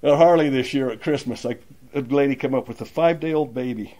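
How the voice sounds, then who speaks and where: A man's voice: mid-range voice, a little fast, mellow. An older man sharing his personal recovery story at a meeting, plainspoken and emotional. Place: meeting room.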